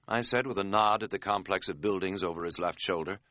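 Wry male audiobook narrator, low, bright tone, dry sound. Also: a little fast, no room sound. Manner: wry, dry-humored storytelling.

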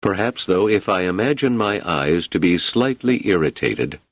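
A man reading an audiobook voices a composed robot posing as a male statesman, speaking in a measured, matter-of-fact way. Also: low-pitched, expressive, dry recording.

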